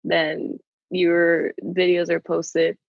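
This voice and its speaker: A woman's voice: on the low side, completely flat delivery, extremely slow, vocal fry, no echo, dull audio. A woman co-hosting a podcast, rambling casually with lots of fillers and laughter. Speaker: podcast co-host. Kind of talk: casual chat.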